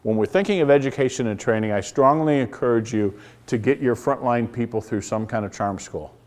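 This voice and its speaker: A man's voice: mid-range voice, a little fast, a little mellow. A middle-aged man, a company CEO giving a live business presentation. He talks in a blunt, folksy way, tells stories with quoted dialogue, and throws rhetorical questions at the crowd.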